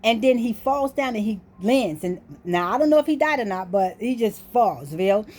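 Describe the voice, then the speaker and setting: A woman's voice: on the high side, expressive, normal speed, a little mellow. A woman casually telling a story to her viewers, acting out what the people in it said. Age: adult. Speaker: vlogger.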